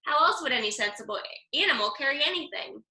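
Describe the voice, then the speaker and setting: A woman voicing a brisk, matter-of-fact mother monkey in a storybook reading. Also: high voice, animated, pushed and bright, reverberant, full character voice, rough recording.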